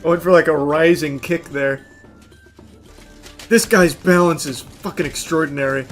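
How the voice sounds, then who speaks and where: A man doing let's-play commentary, with loud shouted reactions and swearing that drop into dry muttered asides. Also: fairly high pitch, fairly even intonation, moderate pace, soft background music. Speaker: gaming commentator.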